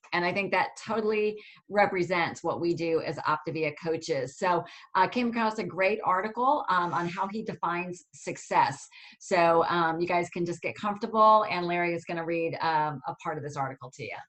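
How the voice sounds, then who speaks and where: A woman's voice: lowish voice, fairly bright tone, rough recording. A woman coach opening a group call in a casual, friendly way, with fillers. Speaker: coach hosting a team call.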